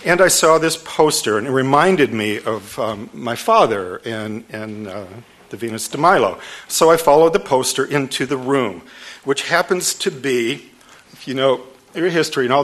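A man in his sixties from Detroit, an author telling a story at a public book talk, lively, laughing often, restarting his phrases. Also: medium pitch. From Detroit, USA.

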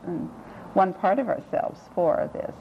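A woman leading a reflective group discussion, speaking slowly and thoughtfully, halting and repeating words as she gathers her points. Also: fairly low pitch, vocal fry. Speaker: discussion leader. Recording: muffled lo-fi tape with faint hiss.

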